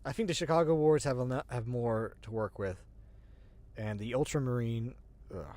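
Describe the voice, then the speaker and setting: With a darkish tone at medium pitch and a moderate pace, this agender show host chats loosely on a livestream, recorded dry. Self-deprecating and quick to laugh, they curse casually and keep restarting their sentences.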